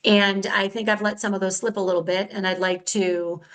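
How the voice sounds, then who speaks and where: A woman's voice: medium pitch, level tone, normal speed, poor audio. Chatty, candid middle-aged woman podcaster. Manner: chatty, candid, self-correcting, a little frenetic. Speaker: podcast host. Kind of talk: casual solo podcast talk.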